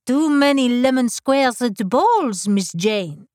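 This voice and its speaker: Woman doing a bossy older dressmaker, higher and a bit louder, scolding, dry close sound. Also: lively intonation, takes it slowly, dry recording. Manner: snappish, scolding. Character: stern older female French dressmaker.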